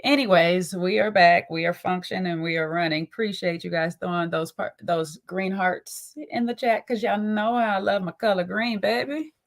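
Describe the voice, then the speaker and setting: A woman riffs on a casual livestream, her voice sitting a little low. She is sassy and talkative, greeting her chat by name and tagging on "okay?" as she goes. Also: moderate pace, few pauses. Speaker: livestream host.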